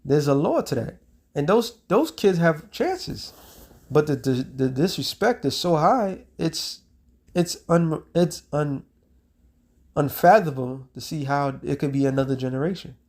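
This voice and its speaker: A man preaching a street sermon, reading scripture slowly and breaking into slang while checking in with "all right?". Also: a little high, lively intonation, darkish tone. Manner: reads scripture in a slowed, drawn-out cadence.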